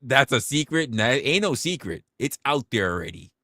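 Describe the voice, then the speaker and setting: A young man on a livestream, telling a story to his viewers in a casual, profane, animated way and acting out quotes. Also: mid-range voice, normal speed, no room sound, studio quality. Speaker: livestream host.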